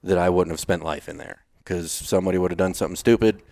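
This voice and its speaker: He talks fast in a low, steady voice that's creaky and mellow, captured in a clean studio with no room sound. A retired Navy SEAL from Texas, he's a podcast guest spinning blunt, casual stories in an interview. His manner is blunt, with casual swearing and acted-out versions of his past lines.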